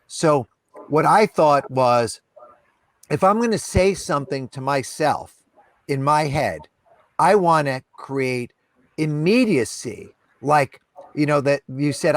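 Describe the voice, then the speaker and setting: A man with a somewhat high speaking voice tells candid stories in a podcast conversation. He talks emphatically, circles back with "you know" and "right", and repeats key phrases. The sound is dry and close to the mic. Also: lively intonation, slow pace, no room sound. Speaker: podcast guest, entrepreneur.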